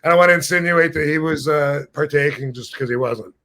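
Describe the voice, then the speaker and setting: Fairly quick and a little high, the voice of this podcast host in his fifties comes across pushed and bright. He tells a long, meandering story in a relaxed way, regularly losing his thread and laughing at himself.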